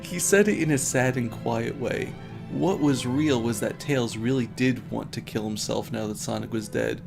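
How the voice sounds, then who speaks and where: A man's voice: mid-range voice, vocal fry, a little mellow. A man on a stream reading bad fan fiction aloud as comedy, often laughing and breaking off to mock the text.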